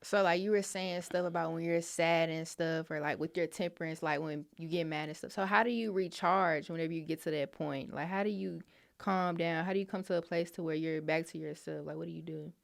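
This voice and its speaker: Woman, interview host, casual slangy talk, low voice, gravelly texture. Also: steady tone, brisk. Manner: casual, slangy, laughs along.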